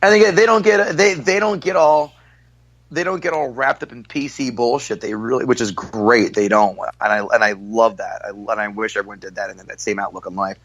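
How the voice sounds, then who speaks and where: This man, a guest comic, trades stories in a relaxed podcast conversation, talking quickly and loudly with a forward, heavily profane style. His mid-range voice keeps a steady tone.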